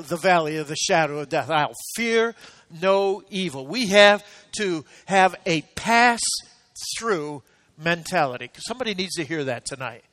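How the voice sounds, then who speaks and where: A man's voice: high-pitched, a bit bright, no echo. A man preaching a sermon to a congregation, reading scripture with rising emphasis, breaking off for joking asides and urging the people to say amen. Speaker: pastor.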